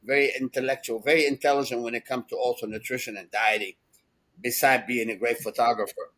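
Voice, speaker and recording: A man in his sixties telling rambling, animated stories as a podcast co-host, laughing often. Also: mid-range voice, a little fast, rough recording. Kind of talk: casual storytelling chat.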